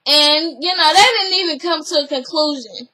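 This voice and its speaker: A woman's voice: high voice, normal speed, sharp tone, rough recording. A young woman, casually recapping a reality show and giving her opinions. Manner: chatty, opinionated, retells scenes with quoted voices.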